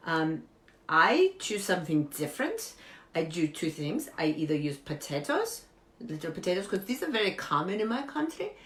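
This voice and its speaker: A woman playing an eccentric woman who gives absurd beauty tips, talking earnestly and deadpan in broken English. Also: lowish voice, moderate pace. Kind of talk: improvised comedy character monologue. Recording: echoey room.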